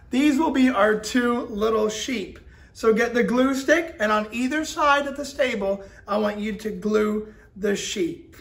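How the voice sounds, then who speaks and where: Male children's ministry teacher, very high voice, energetic and kid-directed, leading a craft-based Bible lesson.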